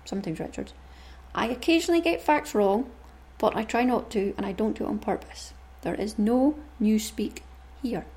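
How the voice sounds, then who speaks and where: A woman's voice: medium pitch, a little mellow. A woman hosting a craft podcast, chatting in a homely, rambling way and reading aloud. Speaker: podcast host.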